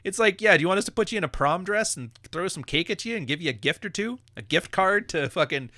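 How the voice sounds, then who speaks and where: A man's voice: a little high, lively intonation, fast, pushed and bright, no echo, clean studio sound. A man hosting a live podcast, ranting bluntly with lots of swearing and laughter. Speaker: podcast host.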